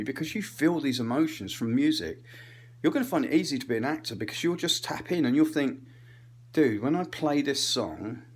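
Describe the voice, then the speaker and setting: A man doing a rambling comic rant, swearing casually, losing his thread and drifting between muttered asides and louder bursts. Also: medium pitch, breathy edge. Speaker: channel host.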